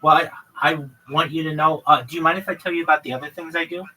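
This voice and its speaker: A man with a bright, slightly high voice, hosting a livestream and earnestly rattling off long lists of plans. He sounds set back from the mic, with a faint hiss of noise behind him. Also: steady tone, fast, distant mic, rough recording. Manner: earnest, lists many topics in long runs. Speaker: livestream host. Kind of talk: livestream chat with a caller.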